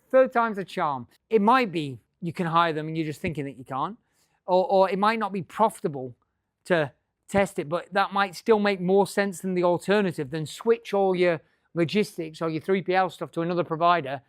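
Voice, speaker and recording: A man's voice: high-pitched, no echo, clean studio sound. A middle-aged man giving a business talk to a live audience, joking and swearing freely. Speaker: business speaker.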